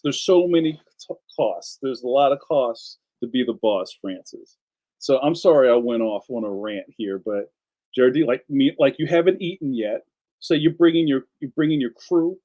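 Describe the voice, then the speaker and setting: A middle-aged man hosting a casual live stream, ranting in an animated way and reading viewer comments aloud. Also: a little high, poor audio. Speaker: live stream host, cartoonist.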